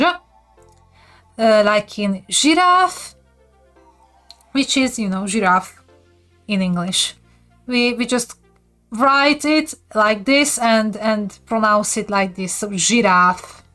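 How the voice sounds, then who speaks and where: A woman's voice: a little high, slow, a bit bright, soft background music. A woman from Hungary, speaking with a Hungarian accent, chatty and giggling often as she teaches viewers on a casual live stream.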